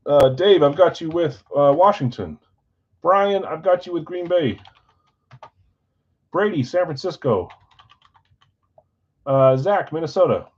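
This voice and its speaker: A man's voice: medium pitch, muffled recording. A man hosting a live card break stream, reeling off names and teams in a casual, friendly roll-call and mumbling his asides. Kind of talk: casual livestream chat reading team picks.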